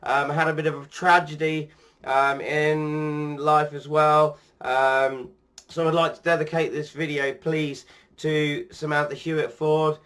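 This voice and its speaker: A man with a fairly high-pitched voice talks loosely to his viewers. He rambles from topic to topic, often pausing and restarting. It sounds like an easygoing home vlog. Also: little pitch movement, fairly bright tone. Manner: rambling, many ums and restarts. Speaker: sim racing YouTuber. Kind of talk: casual vlog chat.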